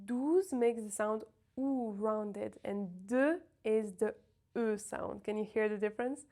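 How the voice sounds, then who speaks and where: A woman teaching pronunciation, sounding out words slowly and carefully to demonstrate each sound. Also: mid-range voice, dark tone. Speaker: French teacher. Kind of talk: pronunciation lesson.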